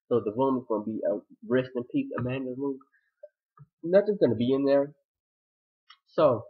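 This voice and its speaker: A man talks fast and loose about last night's episode, jumping into the characters' lines with dramatic asides. His voice is a little husky and the recording sounds dull and lo-fi. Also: medium pitch. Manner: excitable, chatty, retells scenes with dramatic quoted asides. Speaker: TV episode reviewer. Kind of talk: casual recap vlog.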